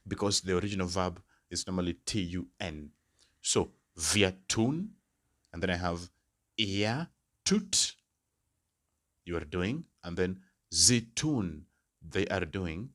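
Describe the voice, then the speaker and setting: Man, low voice, bright and forceful tone, patient language tutor, repeats every word. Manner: repeats each word slowly, checks with "yeah?". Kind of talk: slow, careful language lesson.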